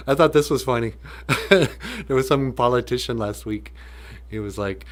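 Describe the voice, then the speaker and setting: A man's voice: on the low side, measured pace, long pauses. A man teaching a language on a livestream in a casual, joking way, laughing often.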